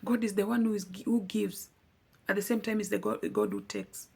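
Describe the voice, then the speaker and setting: A woman's voice: mid-range voice, very animated, moderate pace, creaky, warm tone, breathy edge. A young adult woman vlogger giving a heartfelt personal testimony, earnest and pleading, repeating words for emphasis.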